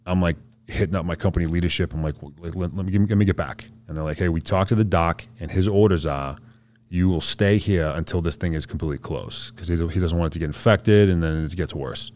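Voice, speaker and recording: A man's voice: low voice, quick pace, darkish tone. A man, a soldier guest on a podcast, telling a story in a laid-back, slangy way and acting out what others said. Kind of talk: casual storytelling interview.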